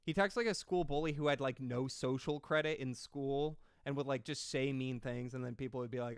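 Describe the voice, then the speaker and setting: Man, smooth resonant voice, dry close sound, sarcastic rambling commentary, swears a lot. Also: medium pitch, a little fast, hardly any pauses, no echo. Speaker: commentary streamer reacting to comments and a video. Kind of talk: casual reaction commentary.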